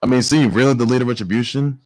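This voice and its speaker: A man hosting a sports news show, talking excitedly and stammering through restarts and exclamations. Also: medium pitch, very fast, dry recording. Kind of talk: casual sports news commentary.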